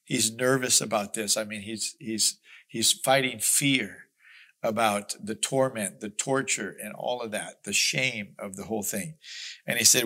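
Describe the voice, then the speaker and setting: A man's voice: on the low side, steady tone, a little slow, pushed and bright. A man teaching a Bible study, reading scripture aloud and explaining it in an earnest, emphatic, conversational way. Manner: conversational asides with small restarts.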